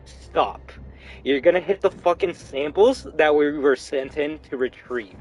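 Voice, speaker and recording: A man's voice: on the high side, unhurried, a little mellow, a little hiss or hum, close to an everyday voice, poor audio. A man voicing a cocky, fearless male mercenary soldier who swears and taunts. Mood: taunting.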